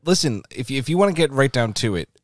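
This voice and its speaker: A man's voice: medium pitch, sing-song, quick pace, no room sound, studio quality. A man hosting a podcast, blunt and casual, swearing and steering the talk. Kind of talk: casual chat.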